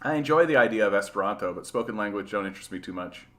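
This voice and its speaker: Male livestream host from rural Manitoba, bright tone, rambling, sarcastic delivery. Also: fairly low pitch, lively intonation, rapid-fire. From rural Manitoba, Canada. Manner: rambling, repeats "right?", sarcastic asides. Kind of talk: casual livestream chat reading viewer comments.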